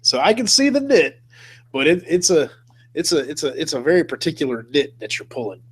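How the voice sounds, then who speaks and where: A man's voice: on the high side, lively intonation, a little fast, slightly rough. A man hosting a casual live-stream chat. He talks in a laid-back way, laughs often and keeps saying "man" and "dude". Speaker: host.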